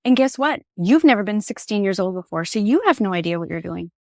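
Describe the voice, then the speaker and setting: A woman in her forties, a podcast guest, telling a personal story in an expressive, candid way. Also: mid-range voice, fast talker, dry recording, clean studio sound. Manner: candid and reflective.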